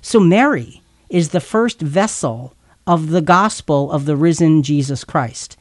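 A man's voice: on the high side, animated, a little slow, dry recording, studio quality. Earnest man teaching scripture. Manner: earnest, stumbles and repeats words while explaining. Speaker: Bible teacher. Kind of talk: explanatory scripture talk.

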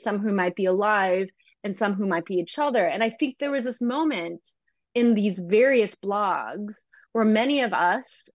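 A woman's voice: mid-range voice, dry recording. A woman talking thoughtfully as a guest author, often circling back and restarting her sentences. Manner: thoughtful, searching, frequent restarts. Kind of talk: reflective conversation. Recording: slightly muffled dry recording.

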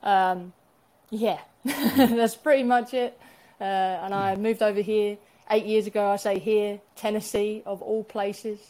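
A woman's voice: mid-range voice, steady tone, dark tone, rough recording. Laughing Englishwoman from London. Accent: English, London area. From England. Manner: quick, laughing, self-mocking. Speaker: guest, dog decoy instructor. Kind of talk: casual podcast chat.

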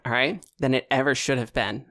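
A man hosting a casual podcast and running a tabletop game, playful and chatty and quick to laugh. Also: medium pitch, steady tone, bright, forceful tone. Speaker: podcast host and game master. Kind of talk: casual chat.

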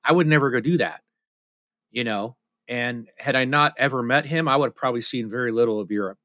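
A man talks in loose, casual podcast chat, candid and a little self-deprecating. He circles back and restarts often. His voice is bright and forceful, recorded dry with no room sound. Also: mid-range voice, fairly quick, no room sound. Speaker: podcast co-host.

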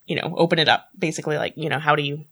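A woman's voice: deep voice, steady tone, rapid-fire, breathy edge. A woman chatting casually on a podcast, laughing often and restarting her words. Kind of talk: casual chat.

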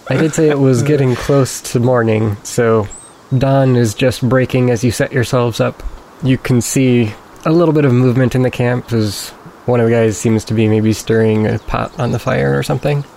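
A man narrating as game master, calm and matter-of-fact as he rules and sets the scene. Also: mid-range voice, normal speed, creaky, hardly any pauses, a little hiss or hum, poor audio.

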